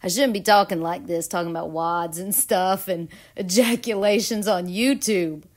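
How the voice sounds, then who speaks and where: A woman's voice: lowish voice, normal speed. A woman vlogging a casual astrology and tarot reading, giggly and dramatic.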